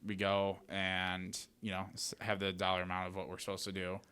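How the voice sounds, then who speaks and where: A man talking as a podcast guest, telling lively anecdotes in a casual way and acting out what everyone said. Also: low-pitched, brisk, smooth. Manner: animated, retells scenes with "I'm like". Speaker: podcast guest, real estate wholesaler. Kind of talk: casual storytelling.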